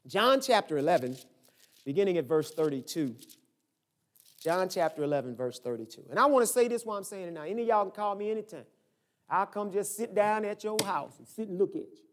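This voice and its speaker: A man preaching a sermon as pastor, in a conversational way that swings from soft, low reading to loud, high exclamations.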